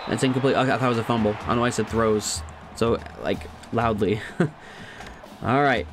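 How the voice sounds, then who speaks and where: Guy doing casual let's-play football commentary, chatty, laughs at himself, gets loud on big plays, mid-pitch voice. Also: moderate pace, background noise. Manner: excitable, jumps to loud shouts at big plays. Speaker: gaming commentator.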